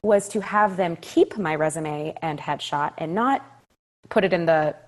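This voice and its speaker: This is a young woman in her twenties recounting her story in a casual podcast interview. Her voice sits slightly low, and she tells it with animated emphasis, stacking repeated phrases and laughing often along the way. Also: unhurried. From California. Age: 20s. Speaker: Broadway actress, guest.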